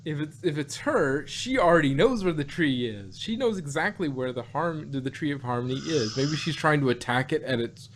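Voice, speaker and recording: A man's voice: on the high side, animated, moderate pace, hardly any pauses. A man hosting a casual podcast and recapping a cartoon episode, rambling along with lots of fillers and self-corrections.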